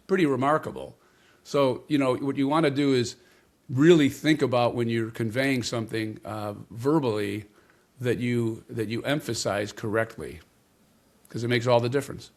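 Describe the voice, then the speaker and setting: A man as an interview guest, explaining communication ideas in a measured way and stressing key words. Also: medium pitch. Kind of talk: interview conversation.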